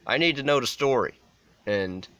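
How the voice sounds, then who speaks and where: A man's voice: mid-range voice, lively intonation, moderate pace, a bit bright, natural voice. A man voicing a stern, preachy middle-aged male pastor with a Southern US accent, scolding in a demanding, fatherly way.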